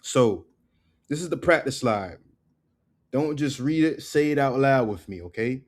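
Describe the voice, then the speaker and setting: A man teaching pronunciation in a casual, joking way, repeating each word slowly. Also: mid-range voice, lively intonation. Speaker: Spanish teacher.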